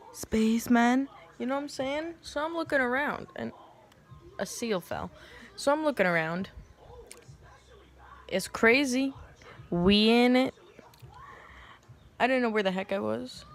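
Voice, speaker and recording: A young woman talks to camera in a loose, joking way, jumping into other people's voices as she tells her story. She is crude and quick to laugh, and her pitch sits in the middle for a woman. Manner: animated, acts out quotes in shifting voices. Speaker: vlogger. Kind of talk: casual storytime vlog.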